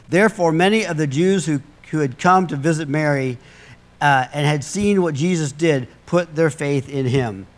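Male pastor with a slightly high voice, giving a chatty, joking sermon full of restarts. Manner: conversational, humorous asides, repeats words.

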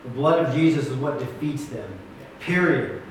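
A man's voice: medium pitch, normal speed, a little hiss or hum. A man pastoring a church, teaching his group in an earnest, emphatic way, with many restarts. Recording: echoey room, mic far off.

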